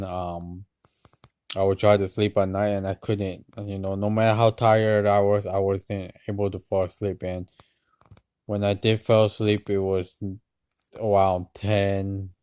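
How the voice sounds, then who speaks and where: A tired man talking hesitantly to camera in a personal vlog, with many pauses and restarts. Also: low voice, little pitch movement, clean tone, no room sound. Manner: hesitant, many ums and restarts, soft-spoken. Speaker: vlogger.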